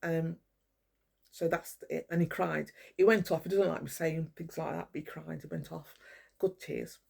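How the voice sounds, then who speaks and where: A woman's voice: low-pitched, little pitch movement, moderate pace, creaky, darkish tone, breathy edge. An older woman, talking to camera in an angry, rambling monologue full of swearing, calling out people by name. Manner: swears a lot, rants, addresses people directly. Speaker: vlogger.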